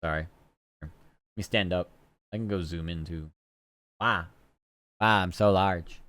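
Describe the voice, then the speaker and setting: A man's voice: low-pitched, normal speed, a bit bright, dry recording. A man streaming, chatting casually and rambling loosely, with the odd swear word. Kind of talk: casual live-stream chat.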